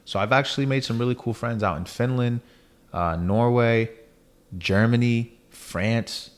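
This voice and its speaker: A man's voice: medium pitch, measured pace. A young man hosting a podcast, chatting loosely and often asking "you know what I'm saying". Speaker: podcast host. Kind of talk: casual chat.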